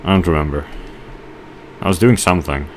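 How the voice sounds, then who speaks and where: A man giving rambling let's play commentary, telling a halting story with mock outrage while he plays. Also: deep voice, slight background noise. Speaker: gamer.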